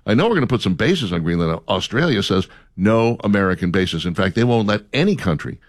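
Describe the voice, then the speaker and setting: A man's voice: on the low side, expressive, fairly quick, hardly any pauses, no room sound, clean studio sound. A man co-hosting a casual political chat, joking and rambling with mock-pleading asides. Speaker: co-host.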